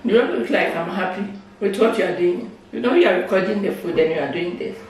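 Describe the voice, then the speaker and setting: A woman's voice: on the low side, quick pace, darkish tone. A woman from Ghana, a vlogger, scolding her husband in exasperation during a casual mukbang video. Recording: echoey room, far from mic, noisy.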